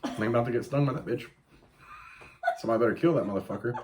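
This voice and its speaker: A man's voice: mid-range voice, quick pace, noisy background. A man in his late thirties hosting a casual chat, telling stories with lots of swearing and yelped quotes. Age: 30s. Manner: profane, animated storytelling with yelped quotes. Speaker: podcast host.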